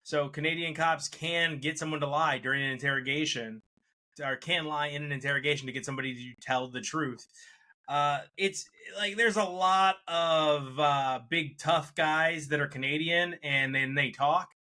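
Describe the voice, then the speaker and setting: A man co-hosting a podcast, giving casual reviews with frequent laughs and lively asides. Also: fairly high pitch, normal speed. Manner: animated, laughs often, mocks accents in quotes. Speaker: podcast co-host.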